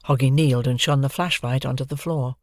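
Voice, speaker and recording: An audiobook narrator reading a children's adventure novel in a lively, expressive manner, close to the microphone. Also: mid-range voice, fairly quick, no echo.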